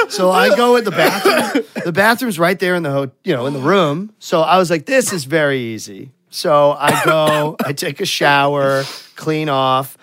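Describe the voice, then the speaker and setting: A man's voice: high voice, lively intonation, normal speed, few pauses, very noisy. A man telling a crude story in casual podcast chat, swearing a lot and laughing as he goes.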